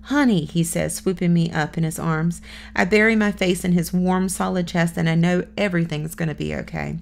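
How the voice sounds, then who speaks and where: Lady reading a kids' novel out loud, lowish voice with a bit of fry. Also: steady tone, moderate pace. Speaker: audiobook narrator. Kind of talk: first-person audiobook narration.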